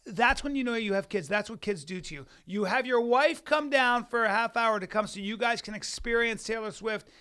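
A man's voice: very high-pitched, moderate pace, few pauses, sharp tone, clean tone. A man in his forties, a comedian co-hosting a podcast, telling a rambling, profane story in casual chat. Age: 40s. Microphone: studio mic.

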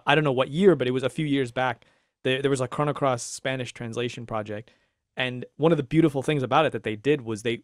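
A man co-hosting a casual podcast discussion, talking in an animated, rambling way with restarts and laughs. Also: medium pitch, dry recording, studio quality. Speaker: podcast co-host.

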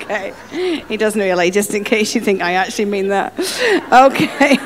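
A woman's voice: medium pitch, normal speed, noisy background. A woman with an Irish accent, a guest speaker teaching a church audience in a playful, joking way. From Ireland. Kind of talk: teaching session.

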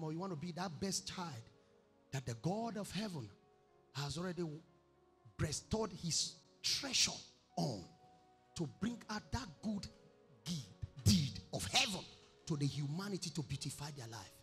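A man with a Nigerian accent preaching a sermon. He moves between animated shouting, acted quotes and bursts of song. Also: fairly high pitch, normal speed. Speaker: pastor. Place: church. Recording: reverberant church hall with music behind.

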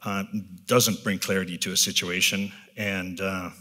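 A man's voice: low voice, flat delivery, pushed and bright. A man, around his fifties, giving a candid, self-deprecating personal talk to an audience, often tagging "right?" and rambling with restarts. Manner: rambling, with restarts and filler pauses. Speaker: business leader giving a talk.

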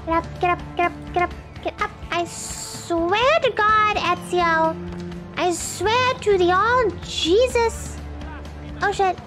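A young woman streamer giving loud, joking let's-play commentary, exclaiming and swearing at the game. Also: extremely high pitch, slow pace, over music. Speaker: gaming streamer.

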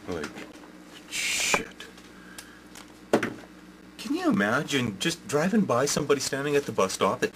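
An older man with a Canadian accent delivers a furious home-video rant, swearing constantly and circling back to the same complaint. His pitch sits in the middle range for a man. A faint hiss of noise runs under the recording. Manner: furious, swearing, yells and repeats himself. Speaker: vlogger. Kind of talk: angry rant to camera.

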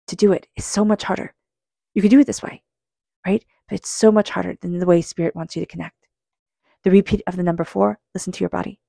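A woman giving a psychic tarot reading, earnest and speaking straight to the listener, calm with slow passages. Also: lowish voice, vocal fry, no echo, clean studio sound. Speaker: tarot reader.

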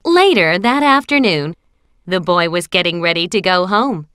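A woman narrating a children's storybook, slow and clear for young listeners. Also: lowish voice, expressive, fairly bright tone, no echo, clean studio sound.

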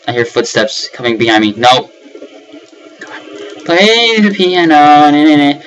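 A man's voice: a little high, expressive, unhurried, fairly bright tone, dull audio, a little hiss or hum. A young man giving nervous running commentary on a horror game, breaking into panicked repeated words and yelps. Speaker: let's play gamer.

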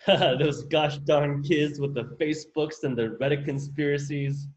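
A man's voice: a little high, fairly even intonation, unhurried, lightly acted, poor audio. A man in a sketch comedy parody, playing the meek, goofy husband of a sanctuary owner.

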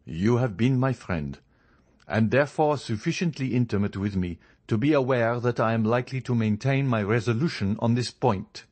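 A man's voice: lowish voice, expressive, a little slow. A man reading a proud young nobleman in a storybook, speaking coldly, formally and with determination. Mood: indignant.

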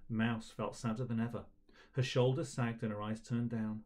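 A man's voice: medium pitch, little pitch movement, moderate pace, darkish tone. A man leading a school assembly, reading a children's story aloud and encouraging the children afterwards.

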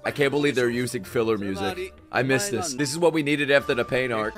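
A man reacting to an anime episode live, excitable and swearing a lot as he talks back at the screen. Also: mid-range voice, a little fast, over music.

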